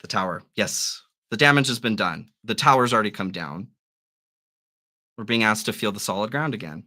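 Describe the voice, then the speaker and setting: A man hosting a live tarot reading, musing through the cards in a gently encouraging way. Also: fairly low pitch, animated, brisk. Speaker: tarot reader.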